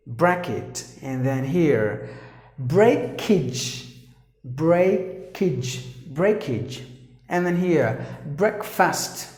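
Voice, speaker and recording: A man teaching English pronunciation, repeating each word and often correcting himself. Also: medium pitch. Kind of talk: pronunciation lesson. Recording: echoey room.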